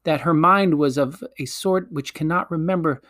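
A man narrating a children's storybook aloud with a measured storytelling delivery. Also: a little high, fairly bright tone, no echo, studio quality. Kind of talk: storybook audiobook reading.

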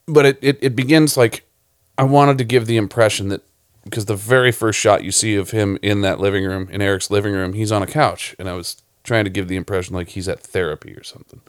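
A man's voice: fairly low pitch, steady tone, quick pace, no echo, studio quality. A man who directed a short film, chatting loosely about it on a podcast, rambling and swearing often. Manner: rambling, profane, laughs often. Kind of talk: casual podcast chat.

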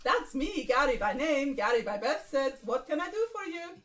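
A woman playing a jovial Spanish club leader who welcomes newcomers with chummy self-importance in a comedy sketch. The put-on accent rides a bright, animated voice that jumps around in pitch, pitched a touch high. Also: moderate pace. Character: cheerful Spanish man Gary, reenactment group leader.

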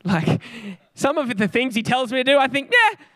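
High-voiced Australian male preacher. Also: normal speed, a bit bright. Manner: earnest, chatty storytelling with light laughs. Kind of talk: conversational sermon.

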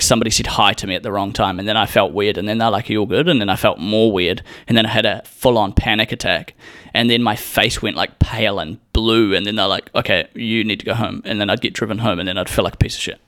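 A man's voice: on the low side, fairly bright tone, no room sound, clean studio sound. A young adult man telling a rambling personal story in casual chat, swearing often and acting out what people said. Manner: rambling, swears a lot, acts out quotes.

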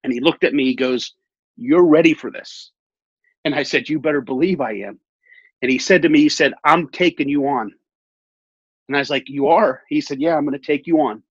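Animated man telling a story, muffled audio. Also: a little high, moderate pace, slightly rough, no room sound. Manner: animated, acts out quoted dialogue, repeats phrases. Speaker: guest telling his weight-loss story. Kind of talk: casual storytelling in an interview.

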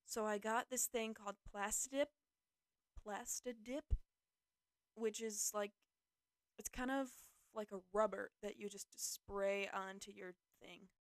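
Rambling young woman podcaster, smooth voice. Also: mid-range voice, fairly even intonation, measured pace, dry recording. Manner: rambling, self-deprecating, filler-heavy. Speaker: podcast host. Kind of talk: casual solo podcast talk.

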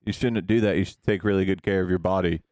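A man's voice: low-pitched, fairly even intonation, quick pace, darkish tone. A man on a casual comedy podcast, tossing in dry quips and short replies.

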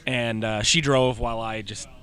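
A man with a bright, forceful tone chatting on a sports podcast. He tells long stories, slipping into the voices of the people he quotes. His pitch sits in a middle range. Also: fairly even intonation, moderate pace. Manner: storytelling, acts out quotes. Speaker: podcast co-host. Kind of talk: casual sports chat.

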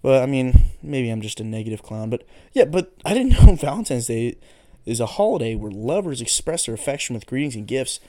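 Man, casual solo podcast host, swears a lot, rambling, goofy, pitch bouncing all over. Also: big pitch swings, brisk, dark tone. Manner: profane, rambling, goofy tangents.

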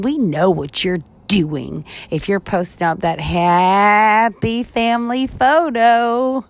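A woman co-hosting a podcast in loose, casual chat. Her delivery is blunt and joking, with plenty of swearing. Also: medium pitch. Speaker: podcast co-host.

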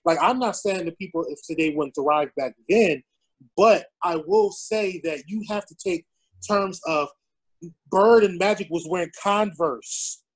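A man's voice: sits high, unhurried, poor audio. A man in casual podcast chat, talking loosely with frequent swearing and restarts.

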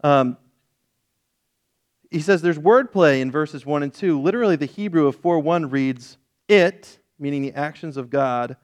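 Male pastor, slightly higher voice, expository sermon delivery. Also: unhurried, darkish tone. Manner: expository Bible teaching, acting out a petulant prophet in quotes.

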